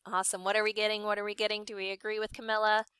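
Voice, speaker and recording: A young woman science teacher running an online class, upbeat and encouraging, briskly calling on students by name. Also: medium pitch, level tone, pushed and bright, smooth, no echo.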